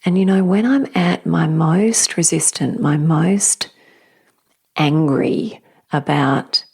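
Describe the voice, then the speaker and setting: A woman hosting a spiritual podcast, speaking softly and slowly in a whispery, reflective way. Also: sits low, gravelly, husky. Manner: soft, slow, often whispery and emotional. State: tearful at times. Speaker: podcast host.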